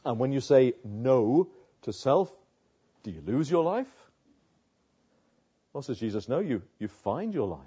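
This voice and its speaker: A man's voice: mid-range voice, sing-song, measured pace, long pauses, mellow, husky, highs cut off. A man preaching a sermon, emphatic, repeating words and asking rhetorical questions.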